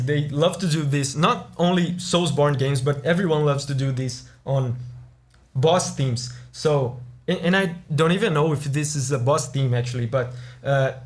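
A man with a fairly high voice talks through video game music in a relaxed, explanatory way, sometimes counting beats aloud. Orchestral game music plays clearly behind him. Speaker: music reaction video host. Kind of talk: casual music commentary. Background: game music playing.

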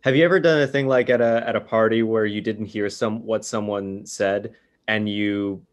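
A man co-hosting a podcast, talking in animated, casual bursts full of restarts. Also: on the low side, normal speed. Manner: animated storytelling with many restarts. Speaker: podcast co-host.

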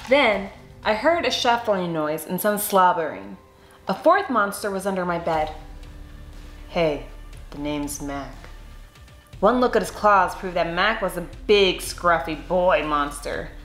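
A woman reading a children's picture book aloud, expressive and unhurried. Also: fairly low pitch. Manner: expressive, slow and clear. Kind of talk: storybook read-aloud. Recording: echoey room, faint music.

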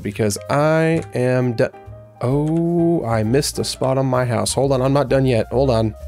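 A man's voice: mid-range voice, creaky, a little mellow. A man giving casual, rambling commentary as he plays a video game, talking to himself in a playful way. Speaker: gaming YouTuber. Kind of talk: casual Let's Play commentary.

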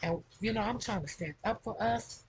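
A woman's voice: medium pitch, normal speed, slight background noise, low-quality recording. A middle-aged woman chatting casually to her camera at home, rambling and tagging nearly every phrase with "okay?". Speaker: vlogger.

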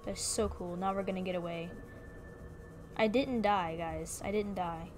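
A woman's voice: on the low side, fairly even intonation, measured pace, over music. A young woman giving playful, chatty commentary while streaming a video game, often exclaiming and talking to the creatures on screen.

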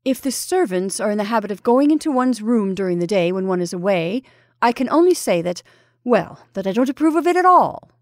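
A woman's voice: medium pitch, big pitch swings, a little fast, no echo, studio quality, natural voice. A woman voicing a fussy, fair-minded male professor who talks in a prim, slightly defensive way. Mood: indignant.

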